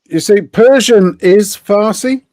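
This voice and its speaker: A man's voice: high voice, slow pace, darkish tone, a little hiss or hum. A man who joins a live stream and talks in an insistent, demanding way.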